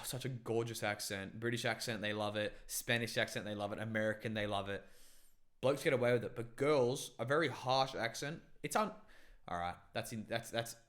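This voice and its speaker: A man's voice: medium pitch, fairly bright tone. Brief: young guy, podcast co-host, loose and sweary, jumps into bits. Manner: swears a lot, jumps between quick impressions of accents. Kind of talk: casual chat.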